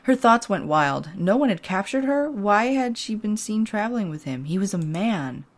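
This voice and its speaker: A woman's voice: medium pitch, expressive, normal speed. A woman hosting a let's play, narrating game text aloud in a chatty, giggly way. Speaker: host.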